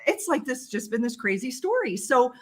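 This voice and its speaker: A woman, a guest on a talk show, telling a personal story with lively, emotional delivery. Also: high voice, normal speed. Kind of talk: storytelling in a casual interview.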